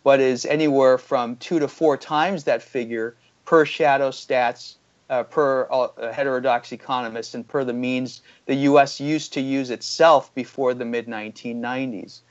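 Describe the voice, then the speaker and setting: A man's voice: medium pitch, steady tone, moderate pace. Argumentative male analyst, lo-fi audio. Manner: critical, argumentative, many fillers. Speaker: economic analyst guest. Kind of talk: interview commentary.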